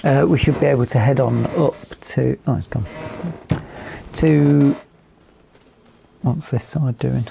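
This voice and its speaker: Slow, gravelly-voiced man, hoarse. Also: medium pitch, steady tone, warm tone, a little hiss or hum. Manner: unhurried, thinking aloud with fillers. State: losing his voice. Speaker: gaming video host. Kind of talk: relaxed game commentary.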